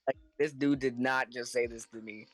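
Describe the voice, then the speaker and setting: A man telling a story in casual podcast chat, animated and acting out the people in it, laughing now and then. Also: mid-range voice, normal speed, faint music behind. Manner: animated, acts out the other people in his story; laughs between lines.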